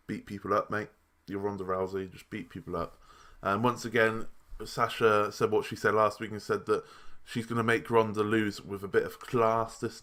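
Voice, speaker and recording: A man's voice: fairly low pitch, pushed and bright. A young man giving a casual, rambling review of a wrestling show. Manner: chatty and rambling, with restarts and asides.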